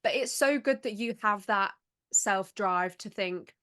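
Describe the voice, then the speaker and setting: A woman's voice: medium pitch, unhurried, pushed and bright. Encouraging woman podcast host. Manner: encouraging, enthusiastic reactions. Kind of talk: casual interview chat.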